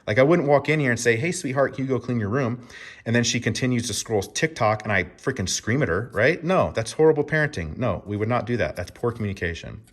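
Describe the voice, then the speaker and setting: A man's voice: mid-range voice, animated, fast, hardly any pauses. A man explaining dog training to owners in an emphatic teaching tone, often checking in with "right?". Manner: emphatic, keeps asking "right?".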